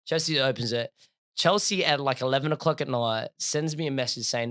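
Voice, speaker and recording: A young adult man, a podcast co-host telling a story in casual, slangy chat, animated and laughing as he goes. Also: medium pitch, normal speed, dry recording, clean studio sound.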